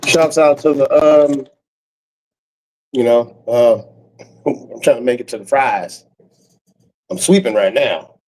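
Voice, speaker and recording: A man's voice: mid-range voice, expressive, slow, pauses often, a little mellow, poor audio. A man YouTuber talking in a casual rambling monologue, full of street slang, chuckles and trailing fillers.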